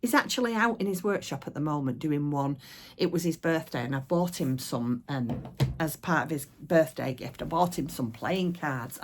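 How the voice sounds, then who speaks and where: A middle-aged woman chatting casually to camera at home about her craft shop, rambling with many fillers. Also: low-pitched. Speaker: craft shop owner showing products. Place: at home, indoors.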